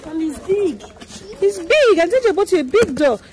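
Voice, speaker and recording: Nigerian mom vlogger, high bright voice, soft coaxing tone, light background hiss. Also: female voice, very animated, normal speed. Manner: soothing, coaxing with children, chatty to camera. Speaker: family vlogger, mother. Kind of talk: casual home vlog.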